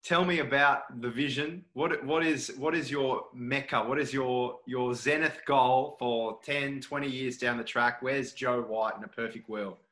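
A man's voice: medium pitch, fairly even intonation, unhurried, hardly any pauses, bright, forceful tone. An Australian man hosting a podcast, asking a mate friendly, enthusiastic interview questions. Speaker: podcast host. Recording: roomy echo.

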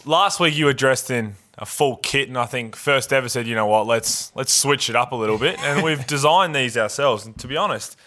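A man's voice: mid-range voice, a little fast, few pauses, sharp tone. A man co-hosting a sports podcast in easygoing, teasing casual chat. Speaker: podcast co-host.

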